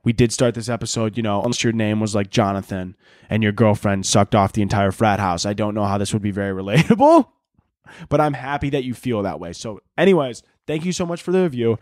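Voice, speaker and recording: A man's voice: lowish voice, animated, a little fast, a little mellow, dry recording, studio quality. A man from the Chicago area hosting a casual solo podcast, rambling and swearing with lots of filler words. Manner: profane, rambling, filler-heavy. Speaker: podcast host.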